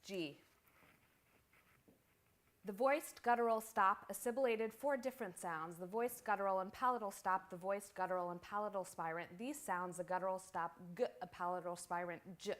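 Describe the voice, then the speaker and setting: Woman reciting poetry in measured incantation. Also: medium pitch. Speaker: poet. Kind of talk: poetry reading. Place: small performance venue.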